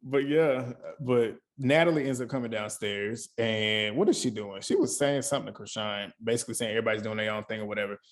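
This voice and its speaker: A man hosting a casual reality TV review chat, talking in an animated, gossipy way, laughing often and mimicking the cast. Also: on the low side, quick pace, few pauses. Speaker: host.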